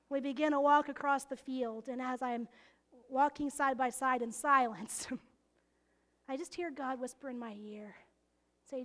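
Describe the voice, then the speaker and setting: High-voiced, expressive woman preaching. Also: a little slow, long pauses. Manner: expressive, often laughing, drops to hushed whispers for emphasis. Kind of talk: sermon.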